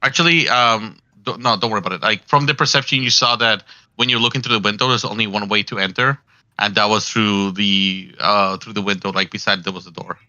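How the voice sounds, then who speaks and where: A man running a tabletop game as game master, narrating in a rambling, halting way. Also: on the low side, fairly even intonation, bright, forceful tone, no room sound. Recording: dry, dull lo-fi mic.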